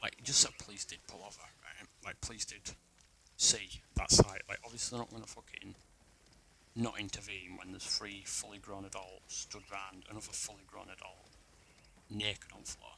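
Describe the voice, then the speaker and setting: A young man with a low, gravelly voice tells a personal story in a loose, rambling way, swearing often and restarting his sentences. A faint hum of background ambience sits under the recording. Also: level tone, moderate pace, bright, forceful tone, poor audio.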